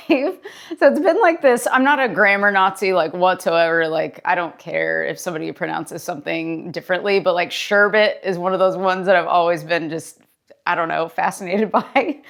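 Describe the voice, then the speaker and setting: Woman, therapist-vlogger, casual and chatty delivery, loose and conversational. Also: medium pitch. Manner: chatty and relaxed, with filler words and laughs. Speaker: therapist and daily video creator. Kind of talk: casual talking-to-camera vlog.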